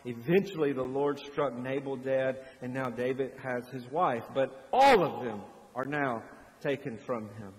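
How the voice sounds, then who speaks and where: A pastor preaching a sermon, moving between hushed, slow passages and loud, fervent ones. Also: male voice, medium pitch, in a large hall, poor audio.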